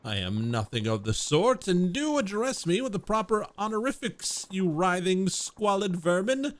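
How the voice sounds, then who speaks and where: Man voicing a haughty fake aristocrat, 35: slow theatrical drawl, fairly high voice that swings widely. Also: big pitch swings. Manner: grandiloquent, drawn-out theatrical delivery. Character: pompous self-styled nobleman, 35, haughty. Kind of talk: reading game dialogue aloud with voices.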